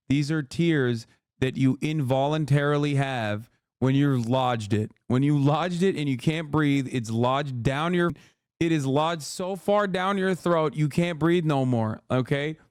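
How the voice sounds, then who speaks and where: A man's voice: a little high, measured pace, darkish tone, smooth, no echo, clean studio sound. A man doing livestream reaction commentary, talking in a brash, mocking and crude way. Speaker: streamer reacting to news clips.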